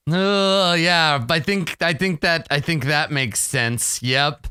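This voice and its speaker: A man's voice: a little high, takes it slowly, bright, forceful tone, smooth, dry recording, clean studio sound. A man thinking aloud as he plays a solo tabletop roleplaying game, rambling and swearing freely as the dice go against him.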